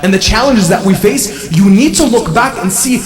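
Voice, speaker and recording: A high-voiced man preaching with a lively, swooping delivery. He asks the listeners question after question and repeats phrases for emphasis. His voice carries through a long echoing hall, heard from some distance off the mic. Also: normal speed, faint music behind. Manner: rhetorical questions, repetition for emphasis. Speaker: religious speaker. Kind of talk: sermon. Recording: echoey hall, voice from far off.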